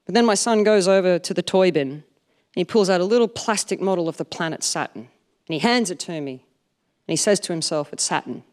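A woman in her forties tells comic stories to a live audience. Her delivery is dry and self-mocking, and she lands her punchlines deadpan. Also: on the low side, a little fast. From Australia. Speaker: stand-up comedian.

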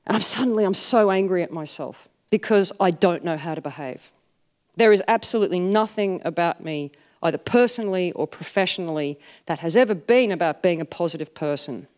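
A woman, telling self-mocking comic stories to a live audience with deadpan punchlines. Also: lowish voice, a little fast. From Australia. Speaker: stand-up comedian.

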